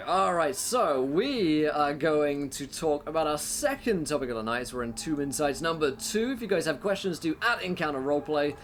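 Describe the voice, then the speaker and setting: A man's voice: a little high, a little hiss or hum. A man, hosting and running a tabletop game stream, giving tips in a chatty, filler-heavy way. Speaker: game master and host. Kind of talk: casual explanatory talk on a stream.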